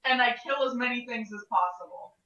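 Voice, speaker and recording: A bright, sharp-toned woman with a fairly high voice plays a tabletop game, blunt and quick to swear. She sounds far from the mic in a roomy space, and the sound is dull. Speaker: player. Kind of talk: casual tabletop play.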